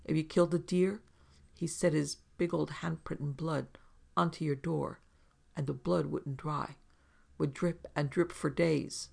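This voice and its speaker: A rustic mountain man cooking over a campfire, voiced by a man reading a story. He talks in plain, matter-of-fact backwoods dialect. His voice has a strong gravelly grain. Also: a little high, steady tone, unhurried, darkish tone, full character voice. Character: rustic mountain man, camp cook, superstitious.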